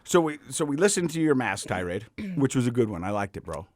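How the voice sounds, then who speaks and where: An American man with a mid-pitched voice hosts a podcast, chatting and telling personal stories with heartfelt sincerity. He often repeats a word or two as he gets a sentence going. His voice is dry and close on the mic. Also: big pitch swings, brisk, no echo. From United States. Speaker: podcast host. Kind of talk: casual chat and storytelling.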